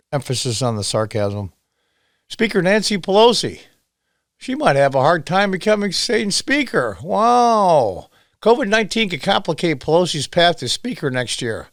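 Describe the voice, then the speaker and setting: A middle-aged man from upstate New York hosting solo political commentary in a sarcastic, emphatic, lively way. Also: on the high side, no echo, studio quality.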